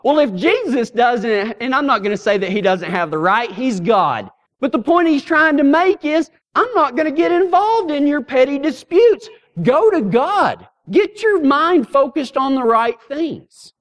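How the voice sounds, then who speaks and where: This middle-aged preacher, very high-voiced, keeps a measured pace with few pauses while animatedly sharing folksy, funny stories in his sermon.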